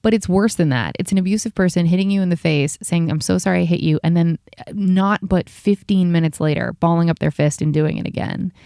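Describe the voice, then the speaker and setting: A woman hosting a podcast, venting in a heated, profane, rapid-fire rant, tired after a long work day. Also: on the low side, dark tone, clear, resonant tone, dry recording, clean studio sound. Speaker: podcast host.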